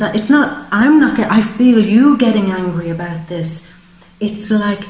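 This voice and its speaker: A woman's voice: medium pitch, unhurried, reverberant, low-quality recording. A woman giving a psychic tarot reading, speaking with emotion and voicing the feelings she senses in the listener. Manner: emotive, voices the querent's feelings. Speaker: tarot reader.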